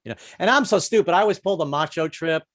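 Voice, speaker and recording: Man, fifties, stand-up comic, high voice, dry sound, rambling, self-mocking. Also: fast, fairly bright tone, no room sound. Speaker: stand-up comedian. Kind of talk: stand-up comedy set.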